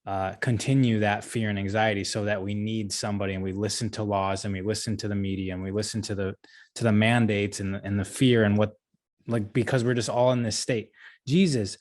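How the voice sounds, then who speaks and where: A man's voice: on the low side, steady tone, fairly quick, darkish tone. A man guesting on a podcast, tired from being up late and musing in a rambling, reflective way. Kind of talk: casual conversation.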